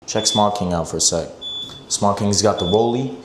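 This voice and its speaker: A man's voice: lowish voice, a little fast, noisy background. A young man vlogging in casual, rambling talk, joking around and swearing a lot as he drives and shops. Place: in a car, then in a shop and at home.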